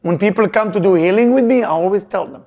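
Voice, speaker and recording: A man teaching Kabbalah to a live audience, telling personal stories in an emphatic, animated way with loose grammar. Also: high voice, fast talker. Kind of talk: lesson with personal storytelling.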